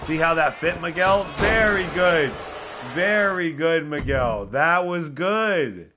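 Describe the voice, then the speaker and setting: A man with a nasal voice hosting a live wrestling video game stream, giving excitable, rambling play-by-play and chatting to his viewers. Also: fairly high pitch, slow, background noise. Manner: excitable, rambling, talks to a chat member by name. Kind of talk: casual live gameplay commentary.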